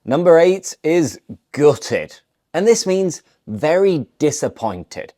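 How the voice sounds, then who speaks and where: In a scripted lesson to camera, a British woman teaches English slang at a relaxed, unhurried pace. Her voice is low and mellow, and she explains each word playfully with a lively lilt as she models the phrases.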